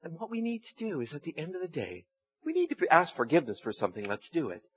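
Guy preaching a laid-back sermon, kinda husky, voice swoops up and down a lot, dull lo-fi recording. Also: fairly high pitch, huge pitch swings, fast talker. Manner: folksy, asks the congregation rhetorical questions. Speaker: pastor. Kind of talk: conversational sermon.

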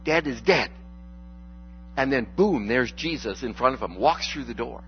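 A man preaching a conversational sermon as a pastor, relaxed and joking, with frequent fillers and restarts. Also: medium pitch, moderate pace, dull audio, soft background music.

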